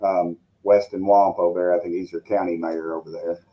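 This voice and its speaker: A man's voice: low-pitched, little pitch movement, a little fast, highs cut off. A man with a Tennessee accent, talking as a guest in a casual interview and telling folksy, rambling stories. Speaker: congressman guest.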